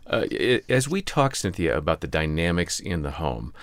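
A man co-hosting a radio talk show, steady, asking the guest questions with brief hums of assent. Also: sits low, normal speed, dry recording, studio quality.

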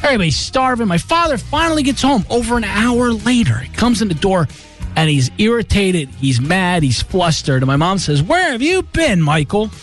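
A man's voice: high-pitched, lively intonation, fairly quick, faint music behind. A male radio host telling a casual story and acting out the voices of his family. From New Jersey.

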